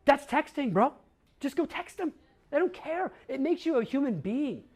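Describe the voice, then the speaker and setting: A man's voice: extremely high pitch, big pitch swings, moderate pace, a little mellow. A man in his forties from Chicago giving a talk to a crowd, brash and blunt, firing off rhetorical questions and slang. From Chicago, USA. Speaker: conference speaker. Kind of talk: energetic storytelling talk.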